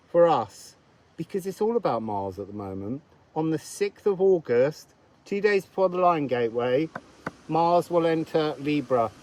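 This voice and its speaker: A man with a slightly higher-than-usual voice gives a loose, spoken astrology reading. He meanders and thinks aloud, in a chatty, unhurried way. He is recorded outdoors. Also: darkish tone, rough recording. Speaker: astrologer and card reader.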